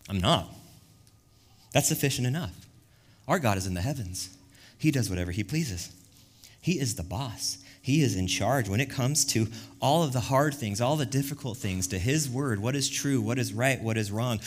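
Brief: male pastor, energetic sermon, slangy delivery, big swings between hushed and loud. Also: medium pitch, normal speed. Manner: lively, jumps from quiet reflection to loud emphatic bursts; casual slangy preaching.

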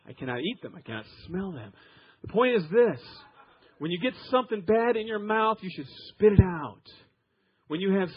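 Husky male pastor, a bit high-pitched, emphatic story-driven sermon, lo-fi radio sound. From Iowa. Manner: storytelling preacher, emphatic, swings loud and soft.

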